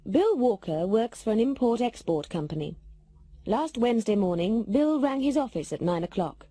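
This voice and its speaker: British female narrator for language lessons: clear, careful reading, mellow, husky, dry studio sound. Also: fairly high pitch, big pitch swings, moderate pace, no echo. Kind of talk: scripted textbook narration.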